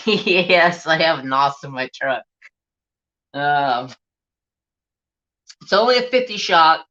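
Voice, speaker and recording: A man chats casually on his craft livestream, telling a rambling story with plenty of swearing and animation. His voice is bright and sharp. The stream audio sounds dull and lo-fi. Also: fairly high pitch, slow pace, long pauses. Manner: animated, profane, rambling anecdote.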